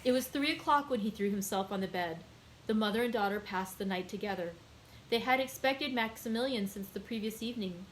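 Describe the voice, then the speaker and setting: A woman librarian hosting a daily read-aloud, reading a classic novel in a clear, measured storytelling voice. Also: mid-range voice, slight background noise, low-quality recording.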